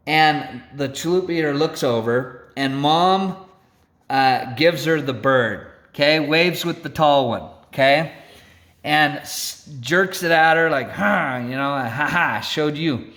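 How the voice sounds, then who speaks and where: Theatrical slow-paced male storyteller. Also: fairly high pitch, a bit bright. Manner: theatrical, keeps checking in with "right?" and "okay?". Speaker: storyteller speaker. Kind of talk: animated storytelling to an audience.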